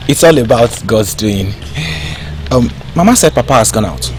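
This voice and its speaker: A man's voice: mid-range voice, animated, a little slow, a little hiss or hum, close to an everyday voice. An actor with a Nigerian accent playing a cheerful young man visiting his bride-to-be in a film. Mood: affectionate. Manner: affectionate, playful.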